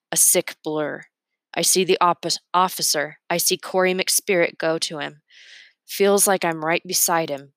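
Brief: woman narrator for a read-aloud, low voice, very unhurried emotional delivery. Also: a bit bright, dry recording. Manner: slow, emotional first-person reading.

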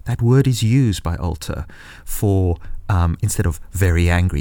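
A man's voice: low voice, unhurried, hardly any pauses, mellow, clear, resonant tone, no room sound, studio quality. A man hosting a reflective solo podcast, musing and searching for his words, sometimes reading scripture aloud. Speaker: podcast host.

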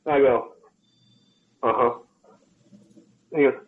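Male podcast co-host and trainer, mid-pitched, swearing freely, lively storytelling, slightly dull lo-fi recording. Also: normal speed, pauses often. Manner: profane, animated storyteller who acts out quotes.

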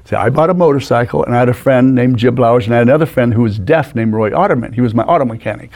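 Storyteller guest, man in his 60s; animated raconteur. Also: mid-range voice, racing. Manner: animated raconteur, acts out the people in his stories. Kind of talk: anecdotal storytelling. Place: studio.

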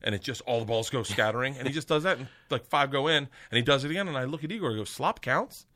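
A middle-aged male comedian tells a wild story as a podcast guest. He is loud and animated and swears freely. His voice is forceful and bright, and his pitch sits at an ordinary male level. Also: very fast. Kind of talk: comic storytelling.

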